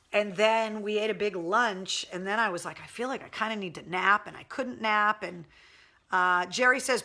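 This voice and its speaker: A woman's voice: medium pitch, sharp tone. A woman hosting a casual livestream, chatting candidly and swearing cheerfully as she answers viewer comments. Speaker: livestream host. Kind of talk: casual live chat reading viewer comments.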